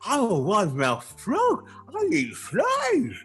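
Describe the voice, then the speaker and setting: A man voicing an excitable little male frog in a joke, gasping and exclaiming in a high, shouty voice. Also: slow, husky, faint music behind, heavily acted. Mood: gasping amazement. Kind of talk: telling a joke.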